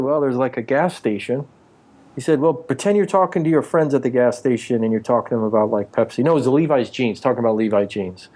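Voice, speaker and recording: Guy in his 40s rambling through old acting stories in an interview, does the voices of people he quotes, mid-pitched voice. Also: dark tone. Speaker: actor and author, interview guest. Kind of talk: casual interview storytelling.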